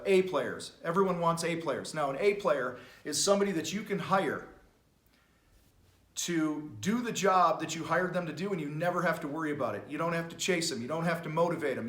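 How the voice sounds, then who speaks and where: Blunt, bright-voiced male business coach. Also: brisk. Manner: blunt, profane, high-energy. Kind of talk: motivational talk to camera. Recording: echoey room.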